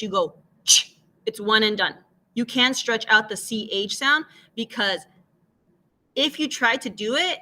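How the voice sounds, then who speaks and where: Bright-voiced teacher modeling phonics sounds. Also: female voice, medium pitch. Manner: patient, explains slowly and models sounds aloud. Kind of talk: bilingual classroom phonics explanation.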